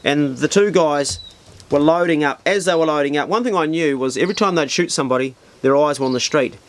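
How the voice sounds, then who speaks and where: A man's voice: fairly high pitch, brisk, slight background noise. A middle-aged man telling a vivid, profane personal story in a casual spoken style. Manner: colourful, vivid, swears freely. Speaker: storyteller, channel host.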